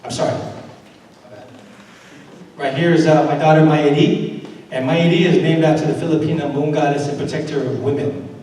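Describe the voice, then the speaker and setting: An earnest man gives a talk in a large hall, and his fairly high voice carries a long, rolling echo. He sounds some way off from the mic. He speaks conversationally and works in a few fillers. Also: fairly even intonation, moderate pace, long pauses, darkish tone. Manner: conversational and earnest, many fillers, building to rhetorical questions. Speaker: invited speaker and educator. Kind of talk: conference talk with storytelling. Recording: echoey hall from far off.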